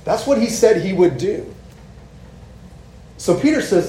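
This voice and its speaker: Man preaching, casual conversational sermon, mellow slightly high voice, roomy echo, faint background hum. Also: measured pace, long pauses. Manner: conversational, animated preaching with frequent "right?" and "like". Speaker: pastor. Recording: echoey room with faint ambient noise.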